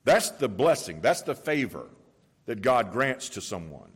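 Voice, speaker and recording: A man's voice: medium pitch, very animated, a little slow, breathy edge. A man preaching a sermon in a conversational, storytelling way, stressing points by repeating them. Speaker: pastor.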